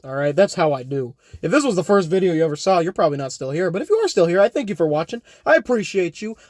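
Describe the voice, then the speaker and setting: A man's voice: fairly high pitch, a little mellow, no room sound, clean studio sound. A young man rambling through an unscripted comedic vlog, joking and correcting himself, often tagging lines with "all right?". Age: young adult. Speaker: YouTuber. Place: home.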